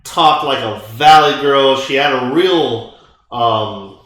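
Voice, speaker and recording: A man's voice: mid-range voice, slow pace, a bit bright. A young man co-hosting a podcast, telling a story in a rambling way with stammered restarts. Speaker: podcast co-host. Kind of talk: casual storytelling. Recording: very echoey room.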